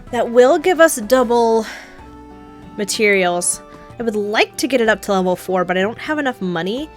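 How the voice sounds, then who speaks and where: A chatty young woman narrating her gameplay, thinking out loud and laughing often. Her voice sits in a middle range, with faint game music underneath. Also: mid-range voice. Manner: chatty, giggly, thinking aloud. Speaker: gameplay streamer. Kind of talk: casual gameplay commentary.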